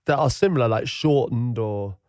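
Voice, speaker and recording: A man co-hosting a casual podcast chat, wry and mock-offended, talking in an animated way. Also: medium pitch, normal speed, clear, resonant tone, no echo, clean studio sound. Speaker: podcast co-host.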